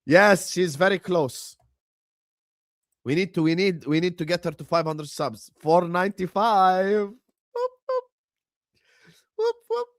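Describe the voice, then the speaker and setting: A man hosting a football watchalong livestream, excitedly chanting and urging viewers to subscribe. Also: sits high, measured pace, no echo, clean studio sound. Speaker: livestream host. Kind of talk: hyped watchalong livestream chat.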